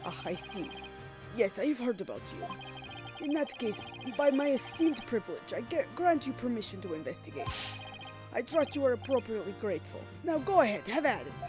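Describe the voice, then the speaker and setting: A woman's voice: fairly high pitch, very animated, moderate pace, music in the background. A woman voicing a pompous older male space center director in a put-on Russian accent, speaking grandly and self-importantly.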